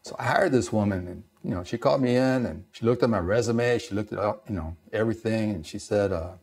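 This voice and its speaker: A man's voice: fairly low pitch, a little fast, few pauses. A middle-aged man from East Los Angeles, a Navy veteran, telling stories in a casual way and acting out the voices of the people in them. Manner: animated, acts out quoted voices, many fillers. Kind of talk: casual storytelling.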